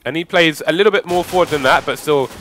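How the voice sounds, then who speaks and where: A man's voice: a little high, fast talker, a bit bright. A man giving analytical color commentary on a competitive shooter match, chatty and explaining positions. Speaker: esports caster. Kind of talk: live game commentary.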